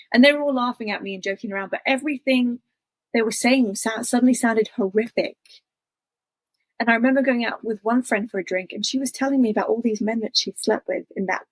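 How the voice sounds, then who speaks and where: Husky-voiced woman telling her story. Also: on the high side, no echo, low-quality recording. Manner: chatty, acts out her own past thoughts in quotes. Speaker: interview guest. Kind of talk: personal storytelling.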